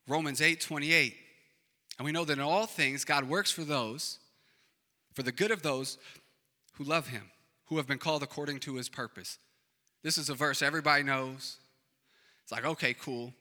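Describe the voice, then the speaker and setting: A man preaching in a church with a very bright, sharp voice that rings out under a long hall reverb. He swings from loud, emphatic declarations down to hushed, near-whispered lines, and his pitch sits a bit on the high side. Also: steady tone, normal speed, pauses often. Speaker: pastor. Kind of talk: sermon.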